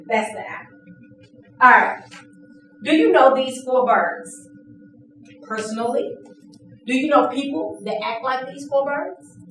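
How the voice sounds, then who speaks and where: A woman trainer leading an interactive classroom lesson, lively and playful, acting out examples. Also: sits high, slow, pauses often, slight background noise. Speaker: workshop trainer. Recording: echoey room from a distance.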